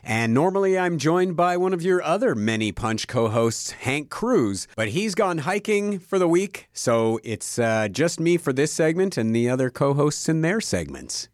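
A man's voice: medium pitch, no room sound, clean studio sound. A middle-aged man co-hosting a casual review segment, talking in an easygoing, enthusiastic way and thinking aloud. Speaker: co-host, reviewer.

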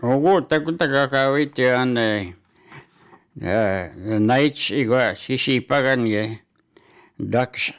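A man giving community announcements and hockey news, speaking haltingly with many fillers and restarts. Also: mid-range voice, clean tone.

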